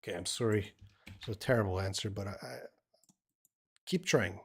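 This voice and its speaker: A middle-aged man with a somewhat low voice runs a live English lesson, reading viewers' questions and thinking aloud. He talks in an encouraging way, often restarting his sentences as he works toward an answer. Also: normal speed, slightly rough. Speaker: English teacher.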